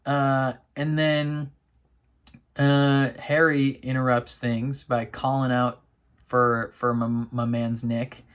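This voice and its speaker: A man talking through his thoughts at a slow, unhurried pace. His casual commentary is loose and rambling, full of little laughs, fillers and restarts. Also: medium pitch, level tone, clean tone. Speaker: reaction video host.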